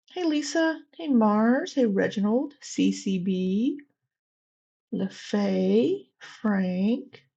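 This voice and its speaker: A woman's voice: on the high side, gravelly, mellow, husky, dull audio. A woman with a Southwest Missouri accent, hosting a casual livestream and greeting chat viewers by name in a chatty, candid way. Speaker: livestream host.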